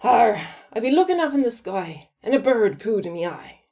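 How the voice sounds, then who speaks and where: A woman voicing a gruff old male pirate who growls his words. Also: a little high, big pitch swings, normal speed, mellow, pitched above the performer's own voice. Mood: boastful. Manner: growling "arr" pirate talk.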